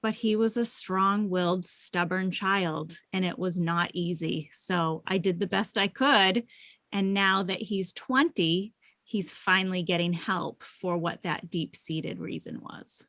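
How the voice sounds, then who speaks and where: A woman's voice: on the low side, fairly even intonation, unhurried, a bit bright, no echo. A woman in her forties speaking on a video call panel, reflective and loose, with plenty of fillers. The sound is dry and close, with no room around it. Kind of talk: casual panel chat.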